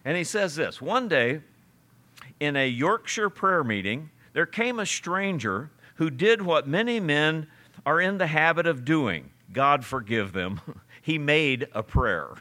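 Bright-voiced man preaching a sermon. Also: a little high, big pitch swings, measured pace. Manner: conversational preaching, reads scripture aloud, chuckles. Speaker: pastor.

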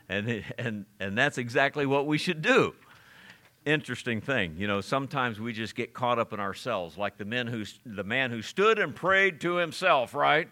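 A man preaching to his congregation in an easy, conversational way. His voice is bright and clear, and he reads scripture with feeling and chuckles now and then. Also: mid-range voice, lively intonation, normal speed. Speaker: pastor. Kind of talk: sermon.

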